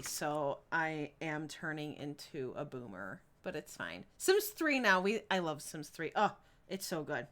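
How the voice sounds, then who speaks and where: A woman's voice: medium pitch, fairly bright tone. Giggly young woman streamer chatting. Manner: giggly, chatty, reads chat aloud. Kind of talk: casual live-stream chat while gaming.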